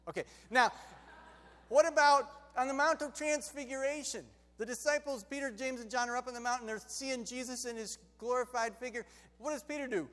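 A male preacher tells stories in a lively, chatty way, going from loud bursts to hushed moments. His voice sits high. It rings with a long reverb in a large hall. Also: a little fast. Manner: lively, conversational, shifts between loud and hushed. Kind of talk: storytelling sermon.

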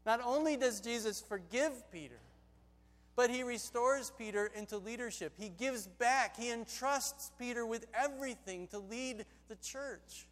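A male preacher tells stories in a lively, chatty way, going from loud bursts to hushed moments. His voice sits high. It rings with a long reverb in a large hall. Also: unhurried. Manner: lively, conversational, shifts between loud and hushed. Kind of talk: storytelling sermon.

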